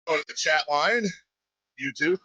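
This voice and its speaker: On a sports talk radio show, a male host chats casually on air, rambling, interrupting himself, and staying animated. His voice is fairly high and his pace normal. The studio microphone captures no room sound, though the audio is dull.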